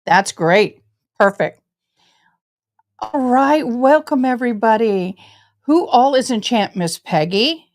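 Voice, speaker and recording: A woman's voice: fairly high pitch, animated, slow, long pauses, darkish tone. A woman hosting a casual livestream, bubbly and effusive, greeting viewers as y'all. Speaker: host of a legal news channel.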